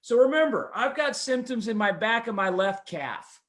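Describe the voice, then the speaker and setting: A man's voice: high-pitched, lively intonation, measured pace, a bit bright. A man hosting a podcast, telling a rambling personal story in a chatty, self-deprecating way. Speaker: podcast host. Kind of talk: casual anecdotal storytelling.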